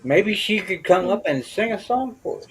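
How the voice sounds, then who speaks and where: A man's voice: high voice, animated, normal speed, slight background noise, rough recording. A man from West Virginia with a Southern accent, chatting casually and agreeing often. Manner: agreeable, frequent "yeah". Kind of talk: casual chat.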